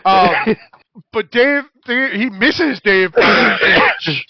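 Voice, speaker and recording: A man's voice: sits high, slow pace, no echo, muffled recording. A man narrating as dungeon master over voice chat, laughing and swearing as he goes. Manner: giggly, animated, swearing. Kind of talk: narrating a tabletop game.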